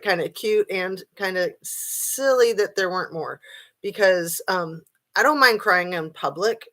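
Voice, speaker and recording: A woman's voice: medium pitch, fairly bright tone. Middle-aged woman, casual home livestream host, loose and rambling. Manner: chatty, greets commenters by name, rambling asides. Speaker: true crime livestream host. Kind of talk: casual live chat to viewers. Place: room at home.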